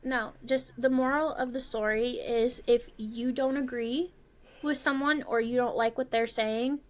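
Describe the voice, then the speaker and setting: A woman in her thirties co-hosts a casual podcast chat, her voice sitting a little high. She talks bluntly and with emphasis, hammering her points home. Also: steady tone, a little slow. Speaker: podcast co-host.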